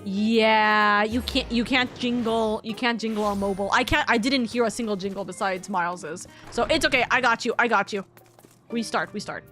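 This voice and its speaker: A woman game streamer in casual live-stream chatter, excitable and profane, laughing often. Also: medium pitch, moderate pace, faint music behind.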